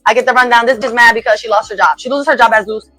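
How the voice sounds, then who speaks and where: A woman's voice: fairly high pitch, steady tone, rapid-fire, bright, forceful tone, no room sound, soft background music, low-quality recording. A woman venting angrily in casual speech, repeating herself and swearing as she tells her side. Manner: heated, repetitive, swears freely. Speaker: singer defending herself in a played clip. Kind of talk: angry venting rant.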